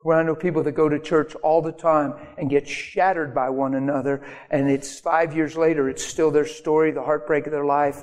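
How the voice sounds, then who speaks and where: A man preaching a sermon in a church, earnest and conversational, now and then jumping into high mock voices. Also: a little mellow. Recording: long reverb of a church hall.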